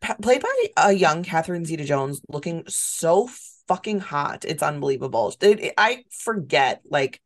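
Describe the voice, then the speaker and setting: Low-voiced woman, wry podcast chat. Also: sing-song, moderate pace, few pauses. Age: 30s. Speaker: podcast co-host. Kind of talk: casual chat.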